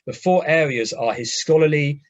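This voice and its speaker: A man, a rabbi lecturing a class, telling lively anecdotes and often restarting his phrases. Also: on the high side, normal speed, dry recording. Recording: dull, dry lo-fi audio.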